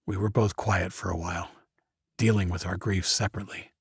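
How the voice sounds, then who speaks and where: A man's voice: deep voice, fairly even intonation, a little fast, vocal fry, fairly bright tone, breathy edge, dry recording, clean studio sound. A man narrating a first-person audiobook, voicing every character himself.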